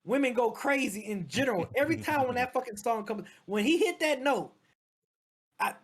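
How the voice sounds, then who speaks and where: High, lively woman telling stories. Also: fairly quick, a little hiss or hum. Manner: storytelling, emphatic and profane. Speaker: guest. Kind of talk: casual chat.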